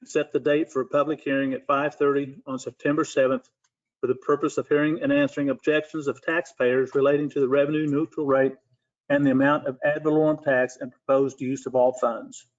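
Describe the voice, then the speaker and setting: A man's voice: medium pitch, flat delivery, brisk. A man, a city commissioner, speaking plainly in a public meeting in a city hall commission room. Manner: plainspoken, makes a formal motion. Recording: muffled lo-fi meeting recording.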